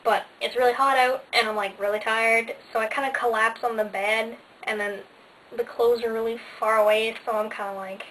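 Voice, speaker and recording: A woman's voice: on the high side, fairly even intonation, moderate pace, fairly bright tone. A teenage girl vlogging casually, bubbly and sarcastic, with lots of "like" fillers. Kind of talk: casual chatty vlog. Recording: faint hiss, slightly distant mic.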